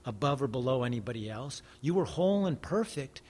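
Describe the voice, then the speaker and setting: A man's voice: medium pitch, big pitch swings, brisk, a little mellow, slightly rough. An American man who talks earnestly in casual conversation, preaching with frequent swearing. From United States. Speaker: guest.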